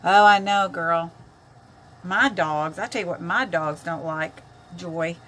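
A woman's voice: lowish voice, takes it slowly, a bit bright, a little hiss or hum. An older woman chatting casually on a makeup live stream, greeting viewers by name as she works.

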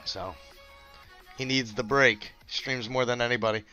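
A young man with a bright, forceful voice chats over a headset while gaming with his friends. He jokes, swears and teases his squadmates. Faint game music plays behind him. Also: medium pitch, steady tone, moderate pace, highs cut off. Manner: joking, swearing, teasing squadmates. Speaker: streamer playing with friends. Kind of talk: casual gaming chat.

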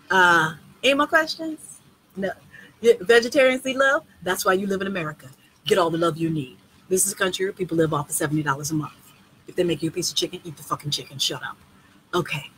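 A woman's voice: fairly low pitch, a bit bright, a little hiss or hum, low-quality recording. Blunt, profane woman hosting a live Q&A. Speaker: tour organizer and host. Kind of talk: casual live video Q&A.

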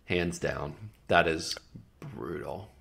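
Easygoing male podcast guest with a low pitch; relaxed, halting delivery. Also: vocal fry. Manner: easygoing, thinks aloud with many fillers. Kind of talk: casual interview chat.

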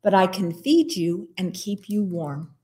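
Gentle storybook polar bear, female, calm and protective, read by a woman. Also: lowish voice, measured pace. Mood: tender.

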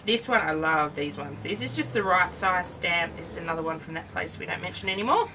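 A woman's voice: fairly low pitch, lively intonation, a little fast, few pauses, distant mic, background noise. A tired Australian woman chatting casually as she shows off her craft work, rambling and cutting herself off mid-sentence. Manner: chatty, rambling, self-interrupting. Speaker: craft channel host. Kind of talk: casual show-and-tell craft video.

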